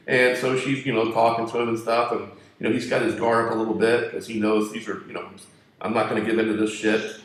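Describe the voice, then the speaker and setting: Man, mid pitch, rambling crude storyteller, very echoey room. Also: little pitch movement, fast talker. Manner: crude, profane, joking.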